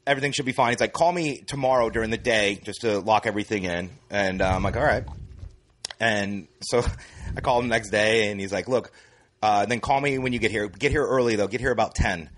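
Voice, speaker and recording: A man's voice: fairly low pitch, a little fast, fairly bright tone. A man guesting on a podcast, telling a long rambling story in casual chat. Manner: rambling storyteller, many fillers.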